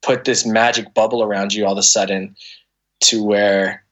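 A man's voice: fairly low pitch, little pitch movement, normal speed, fairly bright tone. A man in his thirties, a podcast guest, telling an emotional personal story in a candid, conversational way, earnest and full of restarts and fillers.

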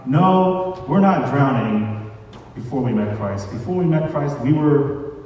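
A man's voice: medium pitch, expressive, measured pace, darkish tone, slight background noise. A man preaching a sermon in a conversational way, mixing scripture reading with casual asides. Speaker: pastor. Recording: echoey hall, distant mic.

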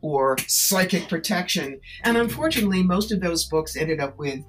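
Low-voiced woman, emphatic storyteller. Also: moderate pace. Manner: animated storyteller, emphatic and persuasive. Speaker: author and psychic tarot reader. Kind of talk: interview conversation.

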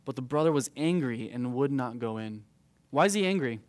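A man's voice: medium pitch, animated, a little fast, dry recording. A man in his thirties teaching a youth group verse by verse through a Bible passage, conversational and peppered with "right?" asides. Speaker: youth pastor.

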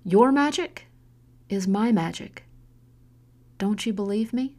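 An intense middle-aged mother, as a woman reader puts her on, earnest and pressing with her daughter. She speaks slowly and deliberately in a mid-pitched voice, every word weighted. A storybook reading. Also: animated, warm tone. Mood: earnest, pleading. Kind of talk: audiobook character voicing.

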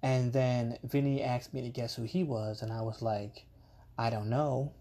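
A man's voice: medium pitch, fairly even intonation, moderate pace, mellow. A man, hosting a podcast and telling a rambling, casual story full of asides and the odd swear word. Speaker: podcast host.

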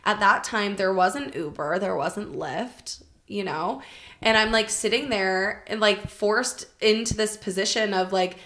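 A woman guest on a podcast, telling a candid personal story in casual chat, animated and full of "like" fillers and swearing. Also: medium pitch, unhurried.

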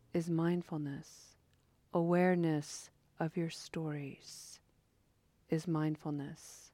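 Meditation teacher, woman, unhurried, gentle and contemplative, sometimes hushed, in a dry room. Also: fairly low pitch, dry recording. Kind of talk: dharma talk and guided meditation.

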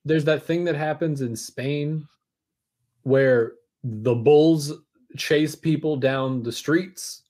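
A man's voice: a little high, slow, darkish tone. A man hosting a casual podcast, tossing in playful jokes and asides.

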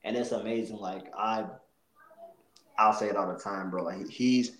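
A man's voice: fairly low pitch, steady tone, moderate pace, fairly bright tone. Slangy man in an echoey room. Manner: laid-back, slangy, says "bro" a lot. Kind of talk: casual chat.

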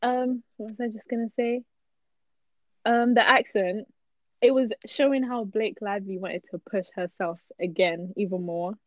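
A woman's voice: medium pitch, fairly even intonation, moderate pace, no room sound. Young woman, agreeable and giggly, kinda muffled lo-fi sound. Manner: easygoing, agreeable, laughing. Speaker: podcast co-host reviewing films. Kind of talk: casual chat.

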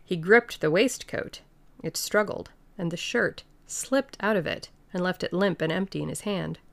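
Female audiobook narrator, measured, low and gravelly. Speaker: audiobook reader. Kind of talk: scripted narration.

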